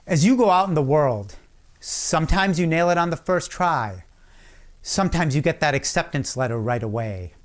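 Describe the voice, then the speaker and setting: Animated man giving a commencement speech. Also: mid-range voice. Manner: storytelling with dramatic pauses and acted-out shouts. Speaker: commencement speaker.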